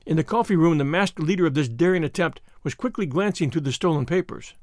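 A man narrating a classic novel aloud in a measured, even storytelling manner, as the host of a story podcast. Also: on the high side, dry recording, studio quality. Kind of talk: audiobook reading of a classic novel.

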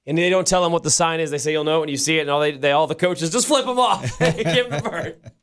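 A man co-hosting a show, chatting excitedly and casually, with frequent restarts. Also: fairly high pitch, fast talker, clean tone. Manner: excitable, animated, restarts often. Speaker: radio show co-host. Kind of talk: casual chat.

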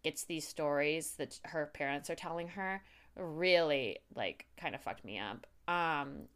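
A young woman with a somewhat low voice talks at length in loose podcast chat. She is animated and swears freely. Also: measured pace. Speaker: podcast co-host. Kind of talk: casual chat.

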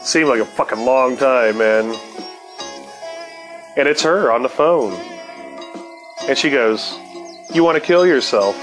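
A man telling a rambling personal story in a laid-back, profane way, full of fillers and restarts, and high while he talks. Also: slow, pauses often, music in the background. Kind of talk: casual storytelling.

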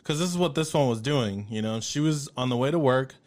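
A man telling a story in casual chat, animated, swearing freely and acting out what people said. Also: medium pitch, brisk. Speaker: podcast guest.

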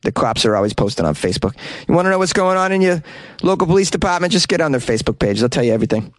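A man's voice: a little high, very animated, very fast, no room sound. A man hosting a casual show who reads out odd news items and reacts with sarcastic jokes and casual swearing. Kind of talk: casual commentary on news stories.

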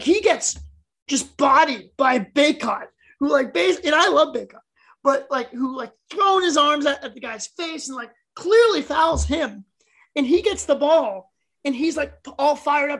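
A woman co-hosting a sports podcast in casual, excitable chat that often runs over her co-host. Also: fairly high pitch, creaky, rough recording.

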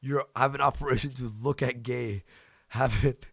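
A man's voice: medium pitch, fairly even intonation, normal speed, creaky, fairly bright tone, no room sound, studio quality. A man, a streamer hosting the show, ranting in heated casual chat, profane and repeating himself. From Canada. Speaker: streamer host.

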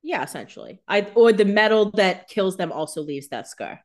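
A woman's voice: medium pitch, lively intonation, normal speed. A woman co-hosting a podcast, joking and blunt in casual banter. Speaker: podcast co-host.

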